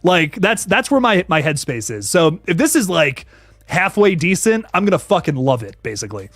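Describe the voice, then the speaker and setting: A young man hosting a casual horror livestream, slangy and animated, thanking viewers by name as he reads the chat. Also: fairly high pitch, moderate pace, dry recording. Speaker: horror channel host reading live chat.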